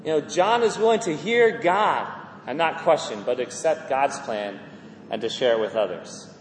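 A man preaching a sermon in a lively, animated way, often acting out quoted voices and repeating words as he builds a point. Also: a little high, normal speed, a little hiss or hum. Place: church hall. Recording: echoey hall with faint ambience.

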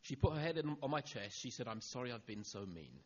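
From the pulpit, a middle-aged preacher recounts a personal story as a sermon, animatedly performing every line of dialogue at a fairly quick clip. His husky voice roams freely up and down in pitch and drops soft and quiet at the tender moments, captured on a dull, lo-fi recording.

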